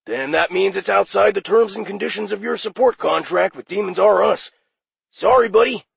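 A man voicing a friendly male demon phone operator with a raspy voice and chummy customer-service patter, in an audiobook. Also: sits high, moderate pace, dry recording, voice pushed up, heavily acted. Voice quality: raspy, gravelly. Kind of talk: audiobook character voice.

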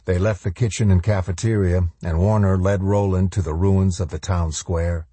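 A man narrating a novel in an audiobook with measured, even storytelling. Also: sits low, breathy edge, no echo.

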